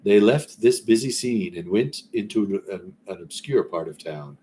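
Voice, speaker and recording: A man reading a classic story aloud in a relaxed way, breaking off now and then for rambling, conversational asides. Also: lowish voice, a little slow, slight background noise. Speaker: story reader.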